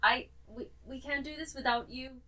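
A woman's voice: high-pitched, normal speed, bright, forceful tone, distant mic. A woman voicing an earnest male cleric who pleads with and reassures an ally.

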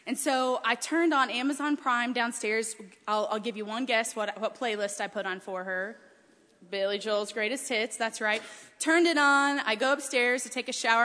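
A woman preacher telling a chatty, animated family story during a sermon in a large hall with a balcony. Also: on the high side. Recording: long hall reverb.

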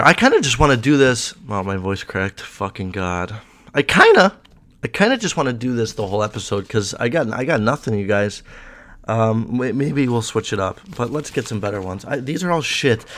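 A young man hosting a podcast in casual chat, rambling and swearing with a sarcastic edge. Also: medium pitch. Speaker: podcast host.

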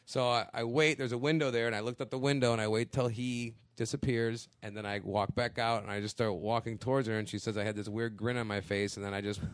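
A man's voice: medium pitch, quick pace, hardly any pauses, dry recording. Man telling a nervous story. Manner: animated storyteller acting out quoted voices. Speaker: podcast guest. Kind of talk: casual chat, storytelling.

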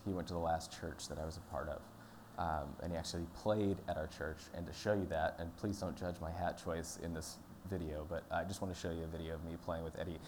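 A man giving a sermon at church in a relaxed, conversational, storytelling manner. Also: sits low, noisy background. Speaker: pastor.

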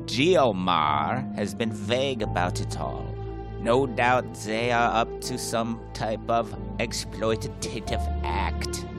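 A man voicing a deadpan middle-aged German scientist who talks slowly and precisely. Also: on the low side, music in the background. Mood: explaining.

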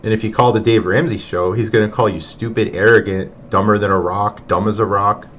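A man's voice: fairly low pitch, steady tone, fairly quick, a bit bright, a little hiss or hum. A man hosting a podcast who reacts to clips in an exasperated, mocking way and laughs often. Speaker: podcast host.

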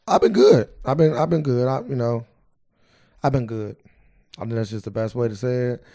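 A man's voice: mid-range voice, normal speed, vocal fry, warm tone. A young man co-hosting a podcast in casual chat, sarcastic and needling, mock-indignant. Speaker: podcast co-host.

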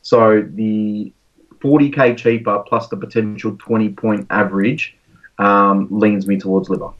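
Man, low voice, laid-back podcast chat, heard from off the mic, muffled dull sound. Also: a little slow, far from the mic. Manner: relaxed, many ums and restarts. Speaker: podcast co-host. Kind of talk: casual fantasy sports chat.

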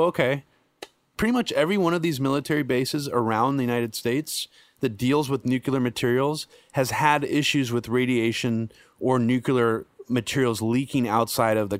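A man's voice: mid-range voice, no room sound. A man hosting a podcast in casual chat, blunt and swearing freely. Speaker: podcast host.

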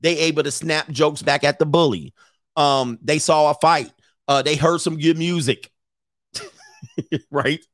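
A man with a slightly high speaking voice rants on a livestream as a life coach. He is blunt and profane, hammers his points home with repeated phrases, and laughs between them. The sound is dry and close, with no room echo. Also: fairly even intonation, measured pace, pauses often, a bit bright. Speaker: life coach hosting a live stream. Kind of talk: casual livestream rant answering super chats.

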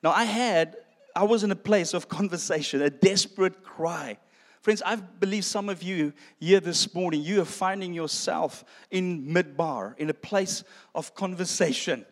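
In an unhurried, high voice, a preacher from South Africa shares his testimony in a sermon. Self-deprecating humor runs through his story, he calls those listening his friends, and a long hall reverb surrounds the sound.

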